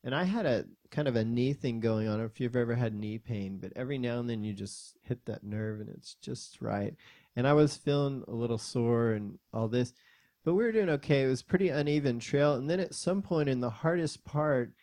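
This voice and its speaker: Laid-back guy giving a sermon, chatty and joking about himself, warm and mellow. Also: medium pitch, moderate pace, dry recording, studio quality. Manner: conversational and self-deprecating, with filler words. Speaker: preacher. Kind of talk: sermon storytelling.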